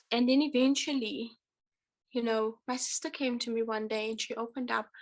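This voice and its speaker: A woman giving an earnest, halting personal testimony at a church support meeting, speaking with feeling and frequent pauses. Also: on the high side, poor audio. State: emotional. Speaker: speaker sharing her testimony.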